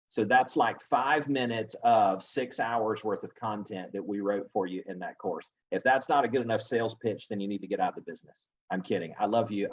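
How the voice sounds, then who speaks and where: A man's voice: lowish voice, husky. Man coaching in lo-fi sound. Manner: animated, acts out buyer replies in a raised voice. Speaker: real estate coach hosting a webinar. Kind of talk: coaching talk with acted sales scripts. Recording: dull lo-fi audio.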